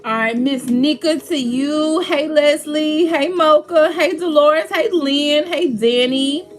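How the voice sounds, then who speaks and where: Woman livestream host, high voice, chatty, greets viewers by name. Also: takes it slowly, few pauses, faint music behind. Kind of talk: casual livestream chat.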